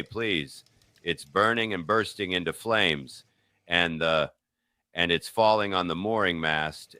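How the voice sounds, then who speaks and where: A man's voice: low voice, sharp tone, no room sound. A man playing a frantic 1930s radio reporter. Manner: breathless, sobbing, overwhelmed. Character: frantic male radio reporter at an airship disaster. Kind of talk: 1930s radio news reenactment.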